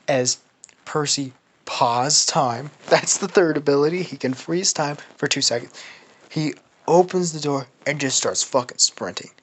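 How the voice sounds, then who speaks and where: A man's voice: medium pitch, a bit bright. A man casually making up a story as he goes, rambling and swearing, with lots of restarts. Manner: rambling and profane, with many restarts and laughs. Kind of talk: casual improvised fan storytelling.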